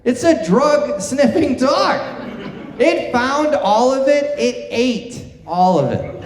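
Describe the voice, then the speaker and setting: A man's voice: very high voice, expressive, slow pace. A middle-aged man doing a stand-up comedy set on a theater stage, telling self-deprecating stories and chatting with the crowd. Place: theater stage before a live audience. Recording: echoey theater with long reverb.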